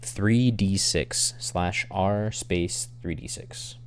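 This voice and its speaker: A man's voice: sits low, extremely slow, a little hiss or hum. A man narrating as game master of an online tabletop game, with dry, teasing banter. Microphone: streaming microphone.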